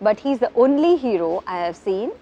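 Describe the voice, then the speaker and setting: A woman in her thirties, a film actress chatting as an interview guest, telling stories with lively animation and frequent giggles. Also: mid-range voice, quick pace, lo-fi sound. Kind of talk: casual interview chat.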